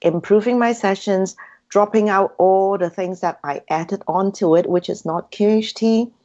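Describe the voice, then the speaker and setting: A woman's voice: medium pitch, moderate pace, warm tone. A woman guest in an interview, earnestly telling her story and acting out her own inner dialogue in a dull, lo-fi recording. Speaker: hypnotherapy practitioner, guest.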